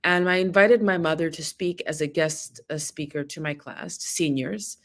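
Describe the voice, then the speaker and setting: A woman's voice: low voice, steady tone, normal speed. A woman guest scholar and teacher in a discussion, speaking emphatically and repeating herself for stress. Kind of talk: conversational discussion.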